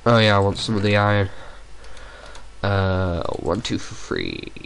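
A man's voice: on the low side, unhurried, vocal fry, a bit bright, slight background noise. A young man giving casual, rambling gameplay commentary at home, hesitating often with fillers. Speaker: let's play gamer. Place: room at home.

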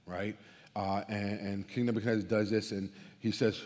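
A man's voice: on the low side, level tone, normal speed, darkish tone. A man giving a sermon as guest preacher from a church stage. He tells a story in a conversational way, full of restarts and repeated words. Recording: long reverb of a church hall.

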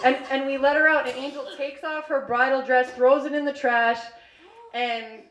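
A high-pitched woman tells a personal story on stage at a live story slam. Her delivery is animated and chatty, often breaking into laughter and peppered with "like". The hall around her rings with echo. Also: normal speed. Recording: echoey hall.

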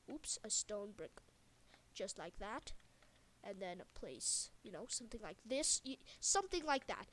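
A woman narrating a casual video game building tutorial. She rambles and jokes, with lots of fillers and quick self-corrections. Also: high voice, fairly bright tone.

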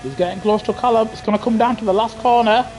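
A man's voice: high voice, fast, a little mellow. A man streaming live racing gameplay on a headset from his home setup, chatting casually and saying "man" a lot while fighting a dry throat and coughing fits. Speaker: gaming streamer. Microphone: gaming headset. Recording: faint game noise behind.

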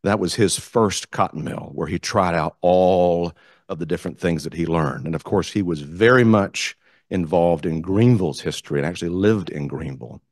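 A man telling a story as guest speaker at a club meeting, animated, acting out the quotes. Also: low voice, moderate pace, no echo, studio quality. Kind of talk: storytelling speech. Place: meeting room.

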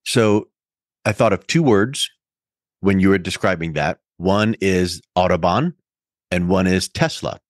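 A man's voice: low voice, measured pace, dry recording, clean studio sound. A middle-aged man hosting a podcast interview, talking in a folksy way with everyday analogies. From Colorado. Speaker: podcast host. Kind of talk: conversational interview.

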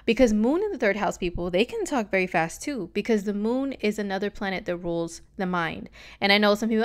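A woman's voice: mid-range voice, animated, a little fast. A woman talking casually on a vlog, giving a chatty, sassy astrology reading full of slangy asides.

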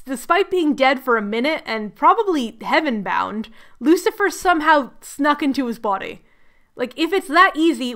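A young woman with a high voice doing a comedic book recap. She is sarcastic and animated, often laughing at herself. She talks like a video essayist. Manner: sarcastic, animated, self-mocking. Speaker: book reviewer.

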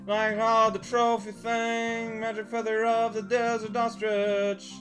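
A man's voice: very high voice, steady tone, slow, faint music behind. A man casually commentating on a video game as he plays, rambling and giggling through jokey asides. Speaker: let's play commentator.

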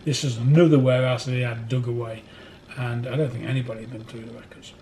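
Guy telling long rambly stories in an interview, laughs a lot, average pitch, bit of faint noise behind. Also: little pitch movement, quick pace, warm tone. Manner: rambling, laughs through his stories, acts out other people's voices. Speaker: record collector telling stories. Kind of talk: anecdotal interview storytelling. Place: record warehouse.

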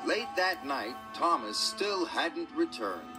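Brief: unhurried male storybook narrator, very animated pitch, loud music behind. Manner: slow, gently expressive reading.

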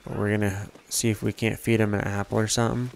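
A man's voice: lowish voice, flat delivery, fast talker, vocal fry, a little hiss or hum. A man giving casual gameplay commentary, laid-back and profane, muttering to himself. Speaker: gamer.

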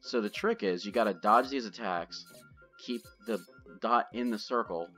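A man's voice: on the low side, normal speed, bright, forceful tone. A man hosting a gaming channel, chatting loosely and joking as he plays. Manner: chatty, loose, swears and jokes. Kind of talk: casual gameplay commentary. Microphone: desk microphone. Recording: dull lo-fi with game music.

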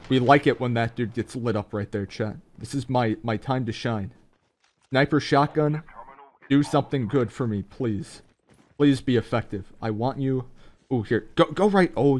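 A young man provides live commentary for his viewers on a mobile shooter game, full of excitement and slang, with sudden high-pitched yelps breaking through.

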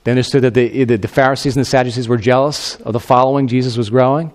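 A man's voice: mid-range voice, fast talker. A man preaching a sermon as a pastor, retelling a story conversationally and acting out the voices of its people. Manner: animated, acts out the quoted figures in a raised voice; conversational, with asides to the congregation.

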